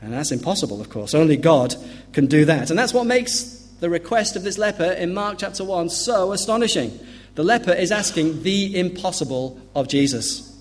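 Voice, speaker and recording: A man preaching an earnest sermon, emphatic and dropping to a hush on grave points. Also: a little high. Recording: long hall reverb.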